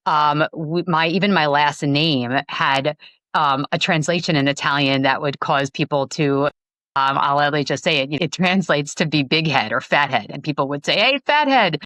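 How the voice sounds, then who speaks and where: Animated woman in her forties, dry sound. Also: sits low, moderate pace, no echo. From Long Island, New York. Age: 40s. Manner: animated, acts out quoted dialogue, many fillers. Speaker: podcast guest. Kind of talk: casual storytelling interview.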